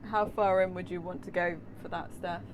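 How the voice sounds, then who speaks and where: A woman's voice: fairly low pitch, little pitch movement, moderate pace, noisy background. A woman running the video layers in a theatre rehearsal, talking casually with lots of fillers. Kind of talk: rehearsal planning talk.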